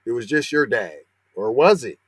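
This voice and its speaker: A man's voice: mid-range voice, expressive, moderate pace, slightly rough, dry recording. A man hosting a podcast, reading out a news story and talking back to it with sarcastic, slangy commentary that turns heated. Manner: sarcastic, rising to heated outrage; slangy, talks back to the article he reads. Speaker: podcast host.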